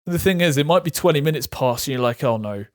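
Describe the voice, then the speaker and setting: A man's voice: fairly high pitch, fast talker, no echo, clean studio sound. A young man telling his own illness story frankly, laughing off the hard parts. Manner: frank and self-deprecating, laughs at hard moments. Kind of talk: candid personal storytelling.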